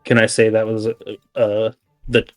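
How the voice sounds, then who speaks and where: A man's voice: fairly low pitch, monotone, normal speed, dry recording, studio quality. A man playing a tabletop game who talks casually and hesitantly, with many fillers. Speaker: player.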